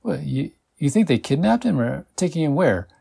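A man's voice: a little high, sing-song, moderate pace, creaky, mellow, breathy edge, pitched above the performer's own voice, heavily acted. A man voicing a worried young male pilot who speaks urgently and stumbles over his words.

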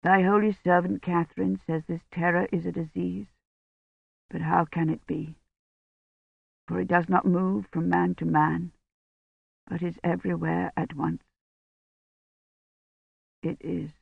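A woman reading as a hushed, grave village priest. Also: deep voice, fairly even intonation, normal speed, gravelly, hardly any pauses, dry recording, voice pushed down. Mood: prayerful. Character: gentle devout male village priest, stern when roused. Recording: dull lo-fi recording.

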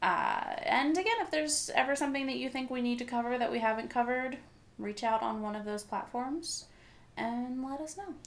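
A woman co-hosting a podcast in casual chat, chatty and quick with asides. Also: fairly high pitch, creaky. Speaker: podcast co-host.

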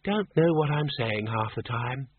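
A weary old zombie wizard voiced by a man who drags out his words in a slow, apologetic way and sounds polite and a little wistful. The voice is husky and dry. It comes over as thin and tinny, like a phone. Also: medium pitch, lively intonation, no room sound.

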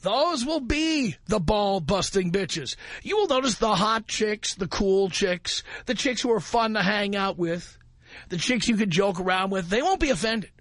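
A talk radio host speaks into a studio microphone in a high, lively, slightly bright voice at a measured pace, recorded dry. He's provocative and emphatic, hammering his catchphrase again and again.

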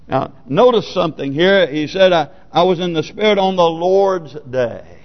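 A man preaching a sermon as pastor, moving between quiet, hushed passages and loud, emphatic declarations. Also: a little high, expressive, normal speed. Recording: lo-fi sermon recording in a reverberant hall.

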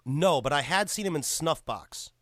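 A man in casual chat about a TV comedy, excitable and profane, often breaking into laughter. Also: fairly high pitch, normal speed, dry recording, clean studio sound.

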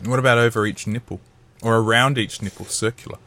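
A man's voice: medium pitch, fairly even intonation, quick pace, pushed and bright. A man in casual podcast chat, teasing and giggly. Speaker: podcast co-host.

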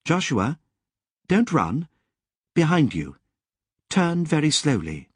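A man voicing a calm, knowing male guide in an audiobook, who talks in measured, lecturing explanations. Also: fairly high pitch, husky, dry recording, studio quality, voice pushed up, full character voice. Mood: urgent calm.

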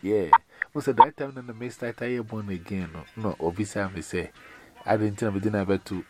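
A man's voice: fairly low pitch, moderate pace. A man chatting casually on a call, rambling in broken pidgin English and often laughing. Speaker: caller. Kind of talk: casual chat. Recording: loud noisy call recording.

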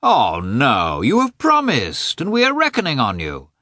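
A man voicing an effusive, kindly aristocratic gentleman who exclaims and pleads in a high voice. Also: huge pitch swings, unhurried, husky, no room sound, studio quality, exaggerated voice. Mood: dismayed.

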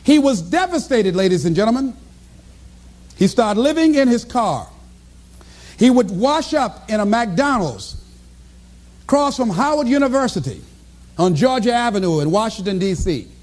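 A man with a strikingly high voice delivers a motivational speech to a live audience. His pitch swings widely as he tells stories, and he breaks into shouts and laughter. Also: normal speed, pauses often. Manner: animated storytelling, bursts into shouts and laughter. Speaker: motivational speaker.

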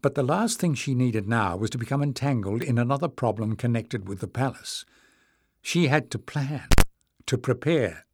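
A man narrating a fantasy novel in a measured, expressive storytelling manner. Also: mid-range voice, background noise. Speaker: audiobook narrator. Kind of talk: scripted narration.

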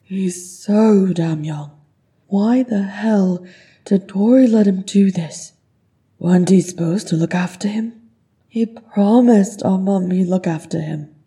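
A woman's voice: deep voice, fairly even intonation, measured pace, vocal fry, mellow. A woman voicing a grieving male dwarf thief who speaks in a bitter, choked-up way, for an audiobook. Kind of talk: audiobook character voice.

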